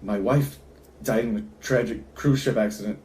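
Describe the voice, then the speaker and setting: A man's voice: lowish voice, normal speed, a little mellow, far from the mic, lightly acted. A man playing a jittery paranoid guy. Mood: nervous.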